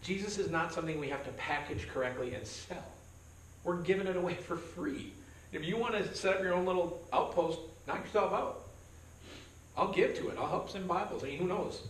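Joking pastor teaching from afar. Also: male voice, high voice, brisk, a little hiss or hum. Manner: conversational, joking, acts out quoted voices. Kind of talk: verse-by-verse Bible study sermon. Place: church meeting room. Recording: roomy sound from a distance, faint background.

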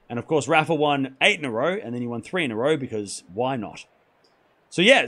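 A hoarse man hosting a live tennis stream, talking excitably and rambling while chatting with viewers. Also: on the high side. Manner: excitable, rambling, self-correcting. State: hoarse from hours of shouting.

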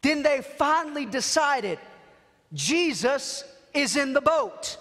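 A man preaching a sermon in a church, dropping to hushed murmurs and rising to shouted climaxes, repeating phrases for emphasis. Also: extremely high pitch, slow pace. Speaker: pastor. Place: church sanctuary. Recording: long church reverb.

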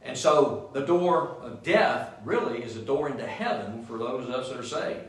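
A male pastor with a mid-range voice preaches a sermon at a normal speed, frequently asking the congregation "Amen?" as he goes. He's in a church sanctuary, recorded by a distant mic in an echoey room.

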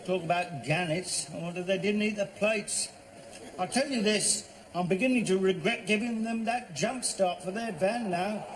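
An actor playing a grumbling husband who mutters asides and shouts at the football on TV, in a sitcom. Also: male voice, high voice, normal speed, noisy background, close to an everyday voice. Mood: smug. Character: grumbling middle-aged husband, smug football fan. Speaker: neighbour watching football on TV. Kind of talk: sitcom acting.

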